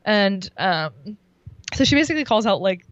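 A woman's voice: medium pitch, big pitch swings, moderate pace, dry recording, lo-fi sound. A woman telling a story in casual chat, talking in a loose, chatty way full of likes and ums. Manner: chatty, filler-heavy with many likes and ums. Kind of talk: casual chat, recounting a show.

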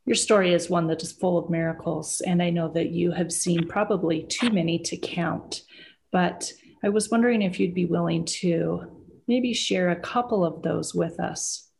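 Host, woman, low voice with some fry, polite and gentle interviewer. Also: fairly even intonation, moderate pace, slight background noise. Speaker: podcast host. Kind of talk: interview questions.

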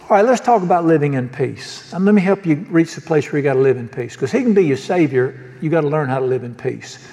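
Male pastor, folksy joking sermon delivery, slightly high pitch, reverberant sanctuary. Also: expressive, fast talker, hardly any pauses, warm tone. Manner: folksy, joking preacher who asks the congregation questions. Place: church sanctuary.

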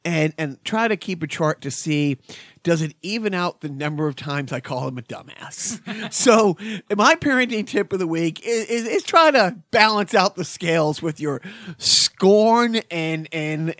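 A man with a slightly high voice chats loosely on a podcast, full of sarcasm and restarts. The sound is dry and close, with no room echo. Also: lively intonation, a little slow, fairly bright tone. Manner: rambling, sarcastic, trails off and restarts. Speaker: podcast co-host. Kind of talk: casual chat.

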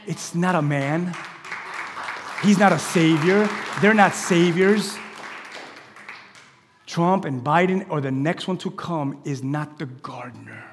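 A male pastor delivers an animated, rambling sermon to his congregation, with talkative asides. His voice sits a little high and leaps from loud exclamations down to hushed near-whispers. The sound carries the long reverb of a large church sanctuary. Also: slow, pauses often, some chatter behind.

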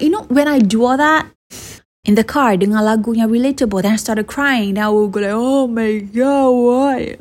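A woman's voice: a little high, creaky, breathy edge. A woman in her thirties with a Malaysian English accent, giving casual advice in a chatty vlog and slipping Malay words into her English. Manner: chatty, mixes Malay into English, sighs and restarts. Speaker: vlogger.

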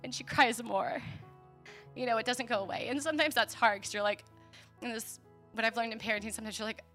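A woman's voice: a little high, fairly even intonation, brisk, bright, forceful tone, soft background music. A woman in her thirties preaching a sermon through a personal story, speaking earnestly and candidly, often laughing.

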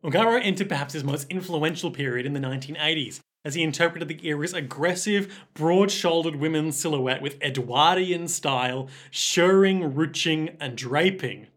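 A man's voice: fairly high pitch, moderate pace, hardly any pauses, fairly bright tone. A man hosting a podcast, chatting casually and reading facts aloud with lots of fillers. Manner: rambling, reads facts aloud with many fillers. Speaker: podcast host. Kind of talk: casual chat recapping a story.

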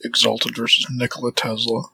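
Gravelly wisecracking male player. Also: medium pitch, completely flat delivery, brisk, bright, forceful tone, poor audio. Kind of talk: casual banter at a tabletop game.

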